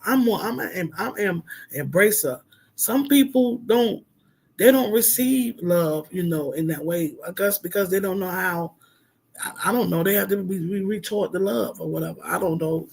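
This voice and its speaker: A man's voice: high-pitched, vocal fry, slightly rough. A middle-aged man, a minister, talking heartfelt and rambling on a casual livestream, with lots of fillers.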